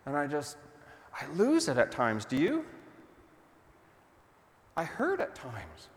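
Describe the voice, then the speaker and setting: A man's voice: fairly high pitch, wildly swooping pitch, slow, big-room sound. A man preaching a sermon as pastor, telling the story in a conversational way and putting questions to the congregation.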